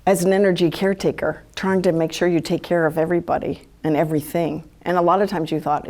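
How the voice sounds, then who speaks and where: A woman giving a live talk to an audience in a chatty, animated way, often acting out quoted thoughts. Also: lowish voice, fast talker, hardly any pauses. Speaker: speaker giving a talk on empathy.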